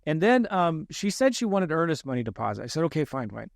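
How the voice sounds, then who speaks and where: A man's voice: fairly high pitch, big pitch swings, fast, gravelly, no echo, clean studio sound. A man, a real estate investor, telling a story in a podcast interview, self-deprecating and acting out the lines he quotes.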